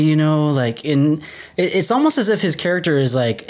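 A man's voice: on the high side, lively intonation, fairly quick, a little mellow. A man co-hosting a casual film podcast, joking and rambling as he retells a scene. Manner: joking, laughs often; loose, rambling with fillers. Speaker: podcast co-host. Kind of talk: casual chat.

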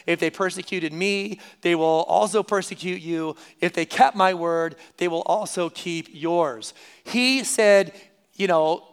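Male pastor, sermon, high and clear voice, conversational, repeats lines for emphasis. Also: fairly bright tone. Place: church service.

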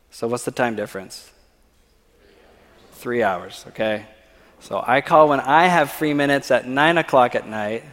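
Man telling a story in a reverberant hall. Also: mid-range voice. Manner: storytelling, often checks in with "okay?". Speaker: church speaker. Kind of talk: personal testimony talk. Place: church sanctuary. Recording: long reverb of a large hall.

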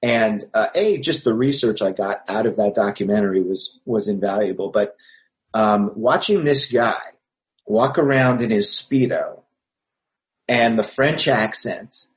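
Low-voiced man from Montreal, rambling. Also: a little slow, rough recording. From Montreal, Canada. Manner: rambling storyteller with many fillers. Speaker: actor and filmmaker guest. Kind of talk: interview anecdote.

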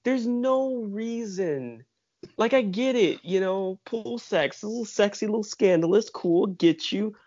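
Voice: medium pitch, unhurried, a little mellow, no echo. Exasperated podcast co-host, dry muffled sound. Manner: dry, exasperated, rhetorical questions. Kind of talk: casual chat.

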